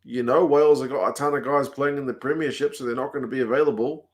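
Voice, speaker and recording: A New Zealand man hosting a livestream, chatting casually and answering viewer comments aloud in a relaxed, talkative way. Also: medium pitch, fast talker. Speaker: livestream host. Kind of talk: casual chat reading comments.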